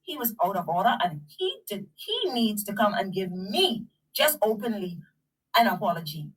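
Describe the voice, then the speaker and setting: Bahamian woman candidate, fired up, husky and lively, mic a bit far off. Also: medium pitch, moderate pace. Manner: indignant. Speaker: political candidate. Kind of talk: public statement.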